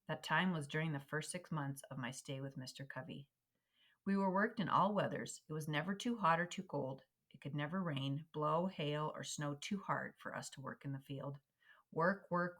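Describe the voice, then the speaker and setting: Low-voiced woman reading a memoir aloud. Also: fairly bright tone. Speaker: reader.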